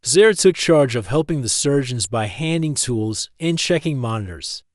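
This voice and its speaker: A man reads a sci-fi story aloud in a calm, steady manner. His sentences are short and plain, and his voice sits at a medium pitch. The recording is dry and close, with no room sound. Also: moderate pace, no room sound. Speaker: narrator. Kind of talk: scripted story narration.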